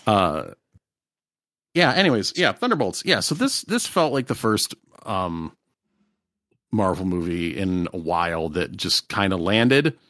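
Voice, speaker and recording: Low-voiced man in casual chat. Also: big pitch swings, unhurried, fairly bright tone, no room sound, studio quality. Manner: rambling, restarts often, laughs easily. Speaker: podcast co-host.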